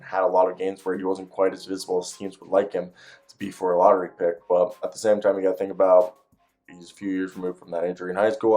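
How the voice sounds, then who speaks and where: Low flat-voiced man doing casual commentary. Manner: conversational, reads draft notes in stretches, asks viewers for comments. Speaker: basketball show host.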